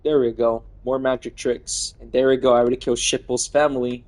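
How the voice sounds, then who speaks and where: A man's voice: medium pitch, little pitch movement, a little fast, a little mellow. A man in his twenties streaming a game live, rambling through the action, laughing often and swearing. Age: 20s. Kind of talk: casual live game narration.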